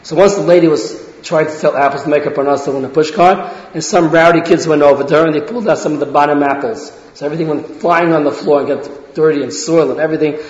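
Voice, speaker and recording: A man's voice: a little high, quick pace, hardly any pauses. A man giving an informal lecture full of anecdotes, asking rhetorical questions, stumbling into restarts and often tagging lines with "right?". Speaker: religious parenting lecturer. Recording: echoey hall, dull lo-fi sound.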